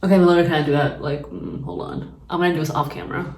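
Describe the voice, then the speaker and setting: A woman's voice: low voice, fairly even intonation, racing, a little mellow. A young woman chatting casually through a makeup routine, rambling with lots of fillers. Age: young adult. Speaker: beauty vlogger. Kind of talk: casual makeup tutorial chat. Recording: echoey room, mic at a distance.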